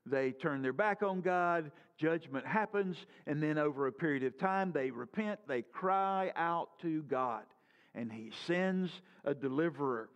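High-voiced preaching pastor, lo-fi recording. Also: male voice, expressive, moderate pace, hardly any pauses. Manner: earnest preaching with rhetorical questions, voice rising and dropping. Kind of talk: sermon.

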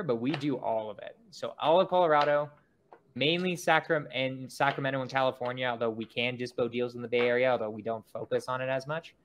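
A man's voice: mid-range voice, fairly bright tone, a little hiss or hum. Young guy hosting a podcast, rambly and casual, lots of likes and rights. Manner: loose, rambling, heavy on fillers. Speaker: podcast host.

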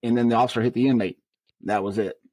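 A man in an interview telling stories from his work as a correctional officer, casual and animated, acting out what people said. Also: mid-range voice, fast, no room sound, poor audio. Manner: animated, acts out quoted dialogue in raised voices. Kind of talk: conversational storytelling.

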